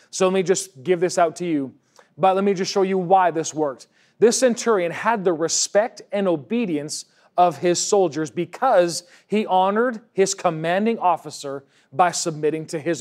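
A man's voice: high voice, normal speed, a little mellow. A male pastor preaching a church sermon, reading scripture aloud between emphatic, conversational points. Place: church service.

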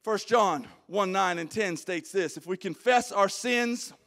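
A pastor preaches with a notably high-pitched voice. He sinks to quiet, low phrases for scripture, then climbs into loud, shouted exhortation to his congregation. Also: measured pace. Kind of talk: sermon.

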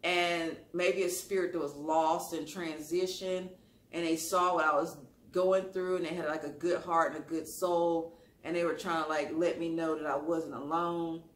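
A man telling an emotional personal story on his channel in an expressive, sassy way, calling listeners honey. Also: fairly high pitch, moderate pace, a little hiss or hum. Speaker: storytime YouTuber. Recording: roomy echo.

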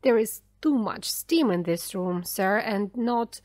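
A woman's voice: mid-range voice, expressive, slow pace, a little mellow, dry recording, clean studio sound. A woman reading as a bullying ship's captain. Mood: commanding.

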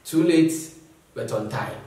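A man preaching a sermon as pastor, moving between Twi and English and reading scripture slowly. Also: medium pitch, animated, warm tone. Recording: echoey hall, voice from far off.

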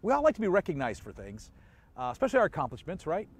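A man's voice: a little high, huge pitch swings, very fast, slightly rough. A man pastor giving an online church sermon in a conversational way, asking the listener questions and chuckling often.

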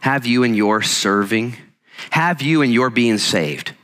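Male pastor, sermon; bright tone, energetic conversational delivery, acts out quotes. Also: medium pitch, unhurried. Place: church sanctuary. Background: congregation present.

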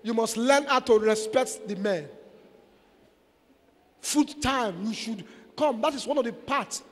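A man with a Nigerian accent preaching a sermon, exhorting and playful, mixing in Pidgin and bursting into shouts. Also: extremely high pitch, a little slow. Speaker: pastor. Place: church. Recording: echoey church hall.

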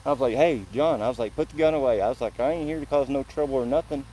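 Plain-spoken man from Illinois, mellow voice. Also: mid-range voice, rapid-fire, a little hiss or hum, poor audio. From Illinois, USA. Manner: plain-spoken, retells events through quoted back-and-forth. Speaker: visitor telling what happened to him. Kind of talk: casual spoken storytelling.

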